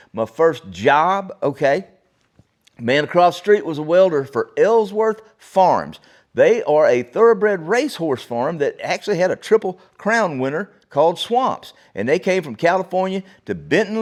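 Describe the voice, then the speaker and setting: An older man from Oklahoma, hosting a solo podcast as a folksy, rambling storyteller. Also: on the high side. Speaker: podcast host. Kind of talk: solo reflective talk.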